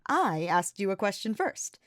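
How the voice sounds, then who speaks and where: A woman's voice: medium pitch, big pitch swings, a little slow, no room sound, clean studio sound. A woman reading the lines of a playful, confident young male knight with a smirking delivery. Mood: teasing.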